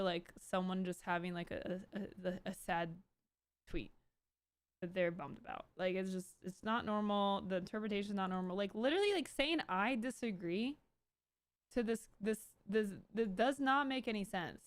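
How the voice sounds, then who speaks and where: A woman in her thirties streaming live, talking casually in a rambling, animated way with many restarts and bursts of exasperation. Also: mid-range voice, normal speed, no room sound. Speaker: Twitch streamer hosting her own stream. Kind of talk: casual livestream commentary.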